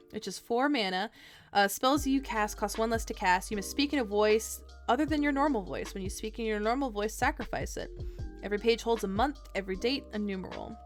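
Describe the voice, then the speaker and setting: Young female streamer, casual and bubbly, gushes and giggles through fillers, soft music bed. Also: mid-range voice. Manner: gushing and giggly, rambling with fillers. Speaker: streamer reviewing trading cards. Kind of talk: casual chat.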